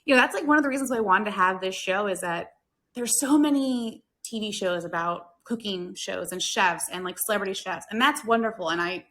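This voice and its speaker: Here's an American woman with a medium-pitched, fairly bright voice, moving briskly through casual talk-show chat. A hospitality worker hosting her own podcast on the subject, she sounds earnest and chatty, leaning heavily on fillers.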